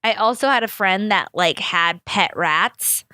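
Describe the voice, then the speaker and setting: A woman's voice: mid-range voice, measured pace, bright, forceful tone, no room sound, clean studio sound. A young woman hosting a podcast, telling stories in a chatty, rambling way, swearing freely and acting out the people she quotes. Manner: acts out quoted people in big voices. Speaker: podcast host. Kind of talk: casual storytelling chat.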